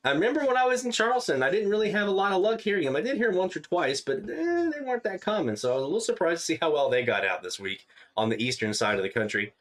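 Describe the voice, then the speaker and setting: A man's voice: sits high, fast. A man hosting a live radio listening stream, talking casually and easygoing with many fillers. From Louisiana. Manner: relaxed, chatty, many fillers.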